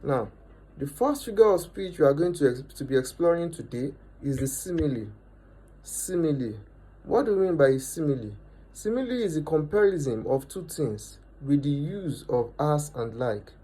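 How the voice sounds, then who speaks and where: A man, teaching a lesson and repeating each definition and example slowly for emphasis. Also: fairly high pitch, very animated, warm tone, breathy edge, poor audio. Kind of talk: explanatory lesson.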